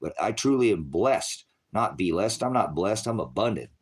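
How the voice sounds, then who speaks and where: A man's voice: fairly low pitch, expressive, normal speed, husky. A middle-aged man preaching an unscripted sermon in a confrontational, scolding way, with profanity.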